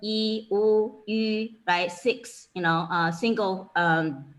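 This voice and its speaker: A woman's voice: mid-range voice, steady tone, slow, rough recording. A woman with a Chinese accent, a Chinese language teacher giving an informal lecture, filling her talk with "you know" and "okay".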